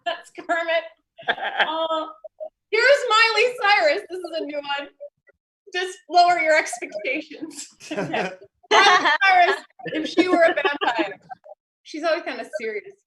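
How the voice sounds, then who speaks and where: A woman's voice: very high-pitched, animated, a little slow, long pauses, sharp tone. A woman comedian doing a giggly, self-deprecating stand-up set over a video call.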